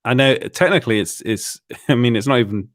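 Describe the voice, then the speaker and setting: A man's voice: mid-range voice, brisk, no echo. Dry, chatty male show host. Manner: repeats words as he restarts sentences, laughing asides. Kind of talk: casual live-stream chat.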